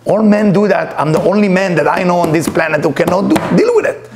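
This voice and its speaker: A middle-aged man lectures as a spiritual teacher, telling personal stories and acting out the voices in them. His English carries non-native grammar. His voice sits a little high and has a gravelly rasp. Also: fast talker, a loud crowd. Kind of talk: storytelling lecture.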